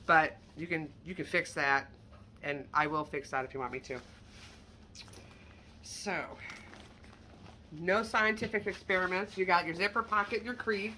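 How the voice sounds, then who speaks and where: A woman's voice: fairly low pitch, fairly even intonation, unhurried, pauses often, bright, forceful tone, slight background noise. A woman chatting casually and candidly as she shows handbags for sale, with self-deprecating asides. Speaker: online handbag reseller. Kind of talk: casual product showcase vlog.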